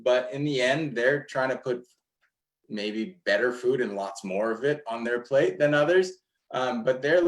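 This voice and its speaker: A man's voice: on the low side, rough recording. A man speaking as an environmental activist in a casual panel discussion, rambling with many restarts and fillers.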